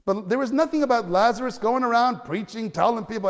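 A man with a high, bright voice preaching a sermon. He tells the story with animated energy, pushing to loud cries at the peaks and tripping over restarts now and then. A long hall reverb trails his words. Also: fast, hardly any pauses. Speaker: pastor.

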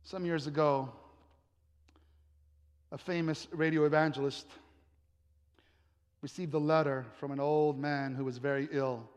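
A male pastor preaching a sermon, dramatic, with emphatic repetition and drawn-out pauses. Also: a little high, fairly even intonation, clean tone. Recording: long hall reverb.

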